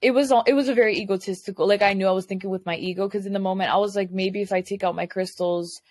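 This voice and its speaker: A woman's voice: mid-range voice, fast. A woman telling a story in casual podcast chat, acting out both sides of a conversation with lots of "I was like.". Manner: animated retelling with quoted dialogue, frequent "I was like". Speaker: podcast guest. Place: lives in Florida.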